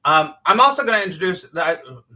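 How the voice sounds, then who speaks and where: A man's voice: high voice, lively intonation, brisk, pushed and bright. A man, a spiritual teacher hosting a casual live-streamed morning talk, chatty and playful, laughing often and greeting viewers by name.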